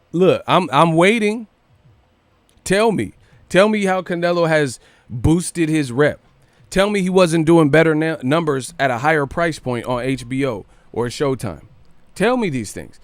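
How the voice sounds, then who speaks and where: Profane animated livestream host. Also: male voice, a little high, no room sound. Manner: animated, profane, rapid rhetorical questions. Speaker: boxing news livestream host. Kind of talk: casual livestream rant.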